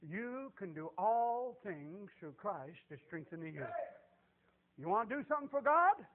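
High-voiced preacher, tinny recording. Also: male voice, sing-song, measured pace, slight background noise. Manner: folksy, emphatic, swings from shouts to hushed tones. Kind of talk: sermon. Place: church.

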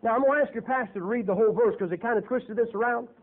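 Male preacher, high voice, folksy and emphatic, phone-thin audio. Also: rapid-fire. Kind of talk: sermon. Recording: tinny phone-like lo-fi recording.

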